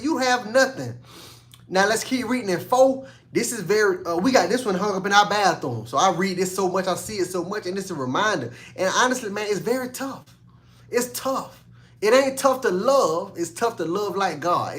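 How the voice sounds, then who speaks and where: High-voiced man preaching casually. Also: a bit bright. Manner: conversational, repeats lines for emphasis, reads scripture slowly. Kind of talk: casual sermon.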